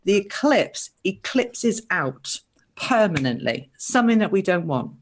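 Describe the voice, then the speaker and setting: Woman, therapist guest. Animated explainer, acts out quoted voices. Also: medium pitch, a little slow, slight background noise. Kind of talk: explaining spiritual ideas on a live show.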